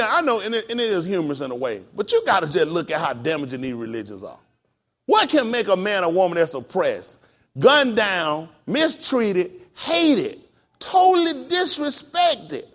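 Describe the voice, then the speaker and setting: A pastor in full sermon mode, a man whose voice sits high and swings widely up and down. He preaches emphatically and keeps firing questions at his congregation. The sermon comes from a house of worship.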